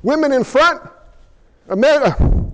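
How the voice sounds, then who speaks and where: A man preaching a sermon as pastor in an animated, conversational way with jokey asides. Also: very high-pitched, slow pace, in a large hall.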